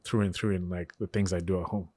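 A man's voice: low-pitched, flat delivery, fast, a little mellow, breathy edge, dry recording. A man from Kenya, co-hosting a podcast in casual chat, emphatic and laughing often. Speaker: podcast co-host.

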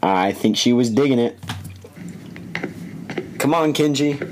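A man's voice: medium pitch, takes it slowly, background noise. A young man hosting a podcast, reviewing a cartoon episode with joking, rambling commentary over faint music. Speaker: podcast host.

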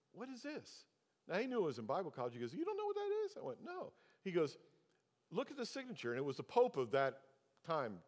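Older male pastor, sermon, animated storyteller, long hall reverb. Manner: storytelling, acts out dialogue with pitch jumps.

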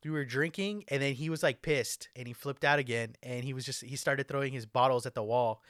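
A young man casually telling a wild party story, animated and full of slang and swearing, on a close mic. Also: medium pitch, fairly quick, smooth, no room sound.

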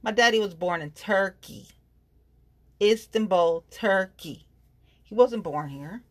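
A woman's voice: mid-range voice, slow, no room sound. A woman, hosting a casual rant to her listeners, blunt and profane, venting with slang and big swings in her voice.

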